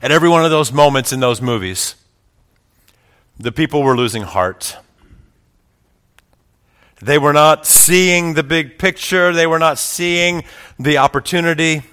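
A man preaching a sermon who swells into loud, rousing passages and then drops to quiet, reflective asides. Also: on the high side, measured pace, long pauses, clear, resonant tone. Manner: builds to loud climaxes quoting speeches. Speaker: pastor.

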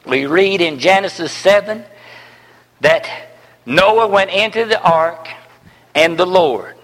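A man preaching a sermon, with emphatic repeated phrases that swing from loud declarations to hushed near-whispers. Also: high voice, animated, slow, long pauses. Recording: long reverb in a large hall.

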